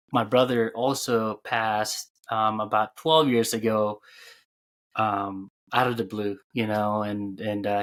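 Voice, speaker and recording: A man hosting a podcast interview who speaks in a soft, halting way, with many fillers. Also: lowish voice. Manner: soft, halting, full of "you know" fillers. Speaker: podcast host. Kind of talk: casual interview chat.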